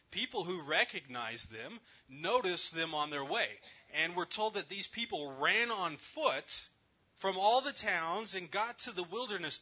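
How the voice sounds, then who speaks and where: Bright, husky male preacher. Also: a little high, lo-fi sound. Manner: storytelling, emphatic, dropping to soft near-whispers. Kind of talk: sermon on a scripture passage.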